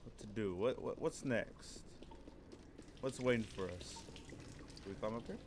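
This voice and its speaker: A man's voice: on the low side, measured pace, background noise. A man commenting on a horror game as he plays, jittery and profane, swinging from muttering to yelping in fright. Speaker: gameplay commentator. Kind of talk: let's play commentary.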